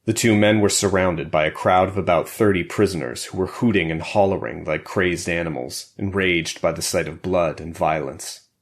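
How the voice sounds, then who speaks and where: A man narrating an action thriller audiobook in a steady, measured way. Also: low-pitched. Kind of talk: scripted narration.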